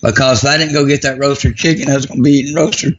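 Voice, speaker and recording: A man telling a personal story in a folksy, self-deprecating way, with a gravelly voice. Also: medium pitch, fairly even intonation, racing, dull audio, a little hiss or hum. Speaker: guest.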